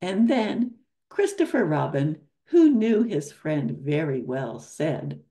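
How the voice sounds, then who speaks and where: A woman's voice: low voice, big pitch swings, takes it slowly, few pauses, warm tone. An older woman reading a picture book aloud to children, stopping to ask the listener questions. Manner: asks the listener questions between pages. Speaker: storyteller.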